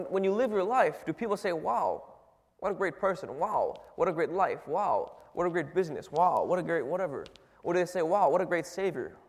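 A male preacher talks to his church in a loose, conversational way, asking one question after another. He often restarts his sentences and leans on fillers. His voice sits a little high for a man and rings out in a hall with a long reverb. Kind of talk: sermon.

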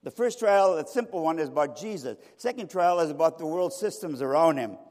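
A middle-aged male pastor preaching a sermon, telling a story dramatically with sharp swings between loud and soft. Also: a little high, animated, fairly quick. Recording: reverberant hall.

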